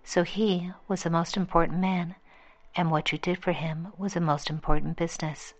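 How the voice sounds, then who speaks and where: A woman reading the lines of a wise old hermit who calmly explains a lesson. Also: fairly low pitch, moderate pace, lightly acted.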